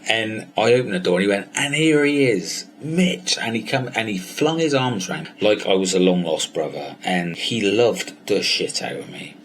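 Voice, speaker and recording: A man's voice: on the low side, moderate pace, hardly any pauses, a little hiss or hum. A man from Somerset, telling a personal story in a candid, sweary way and acting out both sides of conversations. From Somerset, England. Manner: candid, sweary, acts out dialogue with animated voices. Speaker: weight-loss coach.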